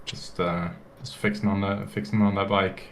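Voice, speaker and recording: A man's voice: low-pitched, little pitch movement, moderate pace, a bit bright. A man playing a tabletop game, speaking hesitantly with many uhs. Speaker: player. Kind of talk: in-character tabletop chat.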